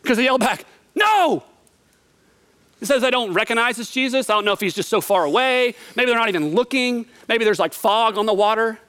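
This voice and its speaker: A man's voice: extremely high pitch, fast talker, few pauses, bright, forceful tone, clean tone. A man preaching a sermon, retelling a Bible story vividly and conversationally, asking the listener questions. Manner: storytelling, vivid, acts out quotes.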